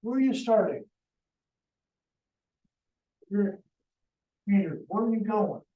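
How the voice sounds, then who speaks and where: Joking man teaching math slowly. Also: high-pitched, lively intonation, roomy sound, far from the mic, dull audio. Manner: joking, talks to students directly. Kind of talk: classroom lecture.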